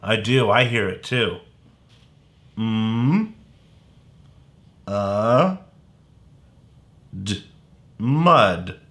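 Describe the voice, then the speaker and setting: A man's voice: lowish voice, lively intonation, extremely slow, pauses often, a bit bright. A man teaching young children phonics in a playful way, sounding out words letter by letter. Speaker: kindergarten teacher.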